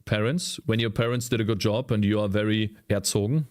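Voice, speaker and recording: A man's voice: fairly low pitch, steady tone, fairly quick, darkish tone. A man with a German accent, a native German speaker, chatting casually with viewers during a live coding stream, rambling and searching for English words. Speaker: streamer and indie game developer.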